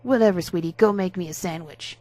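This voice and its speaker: A woman's voice: fairly low pitch, a little fast, darkish tone, natural voice. A woman doing a smug, obnoxious young man. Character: rude, obnoxious young man who harasses classmates.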